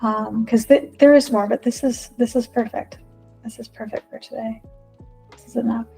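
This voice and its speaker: A woman leading a group through a guided visualization, speaking in gentle, repetitive, inviting prompts. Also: a little high, steady tone, moderate pace, vocal fry, slightly rough, faint music behind. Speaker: spiritual workshop leader.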